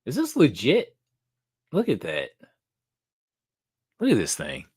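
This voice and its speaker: Slow, lively-voiced man hosting a live show. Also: mid-range voice, breathy edge, dry recording, studio quality. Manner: thinks aloud, swears casually, excitable. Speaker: host of a comic book live show. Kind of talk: casual live-stream chat.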